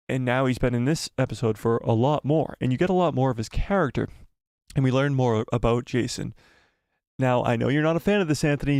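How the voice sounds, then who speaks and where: A man hosting a live stream, reading chat messages aloud and answering them excitedly. He repeats phrases for emphasis, and his voice is starting to go. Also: medium pitch, dry recording, clean studio sound. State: losing his voice.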